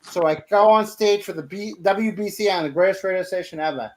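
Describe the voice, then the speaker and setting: A man's voice: sits high, a little fast. A man hosting a podcast, telling a casual anecdote animatedly, with stumbles. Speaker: podcast host. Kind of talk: casual storytelling.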